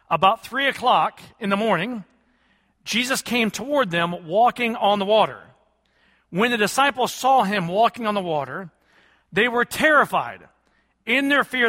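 High, bright-voiced preacher man in a reverberant hall. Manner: preaching with call-and-response questions to the congregation. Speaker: pastor. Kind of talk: sermon.

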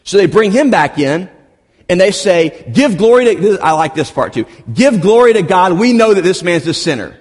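A man's voice: high voice, sing-song, normal speed, slightly rough. A man preaching a sermon, retelling scenes with playful asides and humor. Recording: long hall reverb.

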